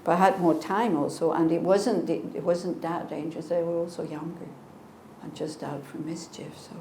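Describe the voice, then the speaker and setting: This sixty-something Buddhist teacher has a warm voice on the low side, speaking at normal speed with a steady tone. She gives a conversational dharma talk, answering questions and adding earnest rhetorical asides, and the room sounds echoey with faint noise.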